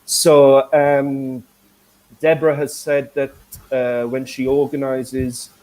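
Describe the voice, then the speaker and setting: A Welsh man hosts a live online English lesson, talking at an everyday pitch. He chats in a loose, hesitant way with plenty of fillers. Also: little pitch movement, slow pace, darkish tone, rough recording. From Wales. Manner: chatty and hesitant, many fillers. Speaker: English teacher.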